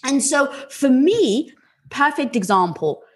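A woman with a bright, fairly high voice that leaps up and down as she talks. Her tone is breathy and a little husky, and her stories come out animated and candid, with casual swearing along the way. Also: takes it slowly. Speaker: podcast guest. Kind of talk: candid conversational storytelling.

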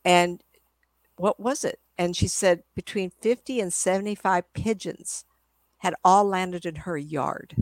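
A woman's voice: lowish voice, a little slow, no echo. An older woman, a psychic medium guest, telling rambling stories in a casual interview. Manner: rambling, chatty storyteller.

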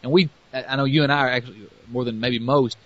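A man's voice: mid-range voice, steady tone, quick pace, fairly bright tone, no echo, muffled recording. A man with a Southern US accent hosting a podcast, rambling casually with lots of fillers. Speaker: podcast host.

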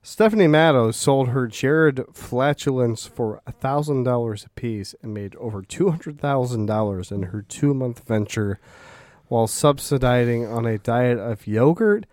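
A man co-hosting a podcast in casual chat, with a deadpan, dry humor. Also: mid-range voice, unhurried, dry recording. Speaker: podcast co-host.

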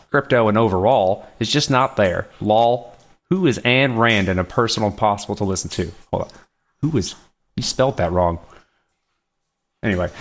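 A man's voice: fairly low pitch, a bit bright. A man reading out a scathing listener review in a put-on backwoods voice. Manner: reads a listener review aloud in a mock voice. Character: blunt backwoods male reviewer, mocking.

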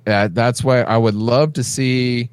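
A man's voice: mid-range voice, steady tone, unhurried, smooth, no room sound. A man on a film podcast, explaining his points earnestly and at length. The recording is dry and close. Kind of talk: casual film discussion.

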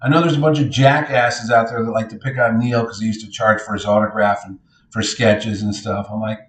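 A man's voice: fairly low pitch, brisk. Middle-aged man telling stories in a roomy echo. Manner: animated anecdotes, acts out others' lines. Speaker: convention organizer. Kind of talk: casual podcast storytelling.

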